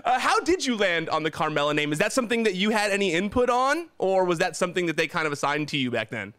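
A man's voice: high voice, big pitch swings, quick pace, bright, forceful tone, clear, resonant tone. A man hosting a casual interview who asks questions in a friendly way and laughs along with his guest. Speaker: interview host.

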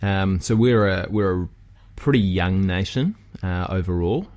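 Deep-voiced New Zealand man, chatty. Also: a little slow. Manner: relaxed, chatty, frequent fillers and restarts. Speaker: guest, physical therapist. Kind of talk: casual podcast conversation.

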